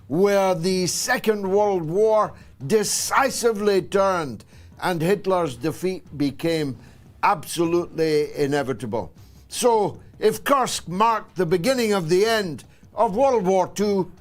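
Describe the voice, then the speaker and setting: A Scottish man in his sixties hosting a political talk show, delivering a sarcastic, emphatic monologue with dramatic pauses. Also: high-pitched, animated. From Scotland. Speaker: host.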